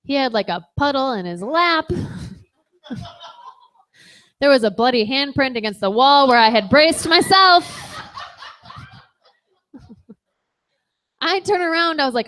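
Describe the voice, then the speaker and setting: Animated high-voiced woman doing stand-up. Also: measured pace, long pauses. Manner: bawdy, animated storytelling with laughter. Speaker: stand-up comic. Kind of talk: stand-up comedy set. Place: comedy bar stage with audience.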